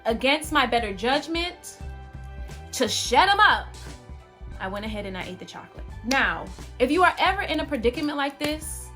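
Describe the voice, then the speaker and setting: Lively young woman telling a storytime. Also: fairly high pitch. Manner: animated, exclamatory, lots of "like". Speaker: vlogger. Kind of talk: casual storytime.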